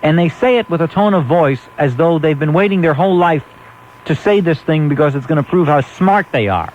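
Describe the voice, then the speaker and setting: Man, from Brooklyn, talk radio host, sardonic, testy, wordy, slightly high voice, muffled radio sound. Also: animated, a little fast, a little mellow. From Brooklyn, New York. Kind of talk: late-night call-in talk radio. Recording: muffled AM radio broadcast with faint hiss.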